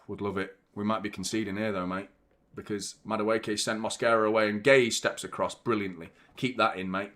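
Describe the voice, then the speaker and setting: A man hosting a live fan watchalong, commentating on the match in an excitable, partisan way, swearing and shouting at big moments. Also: on the low side.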